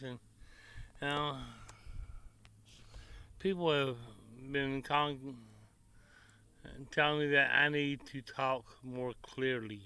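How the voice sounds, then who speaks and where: Standing outside by his grill, a man with a Tennessee Southern drawl rambles to his vlog viewers in a folksy way, full of country slang. His voice sits a little high and sounds bright, forceful, and smooth as this barbecue vlogger chats to camera.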